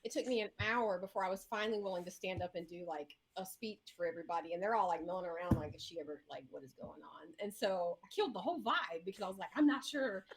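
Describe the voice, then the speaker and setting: A woman mayor being interviewed, telling a story in a lively, animated way with frequent laughter. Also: lowish voice, fast talker, few pauses, noisy background. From Indiana. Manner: animated storyteller, acts out voices in shrieks and laughter. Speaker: mayor, guest.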